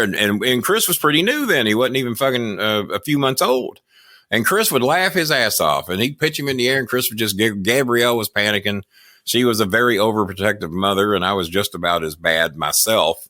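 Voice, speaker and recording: Male podcast guest, lowish voice, loose swearing anecdotes, chuckling asides. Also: animated, a little fast, bright, forceful tone, no room sound, clean studio sound. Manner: rambling, profane, laughs through his stories. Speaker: podcast guest, wrestling manager. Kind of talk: casual storytelling interview.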